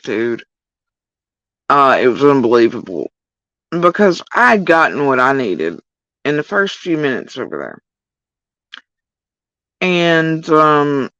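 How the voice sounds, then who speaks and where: Animated, profane woman ranting on a livestream. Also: sits low, no room sound, highs cut off. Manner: addresses chat directly. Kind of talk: casual livestream rant.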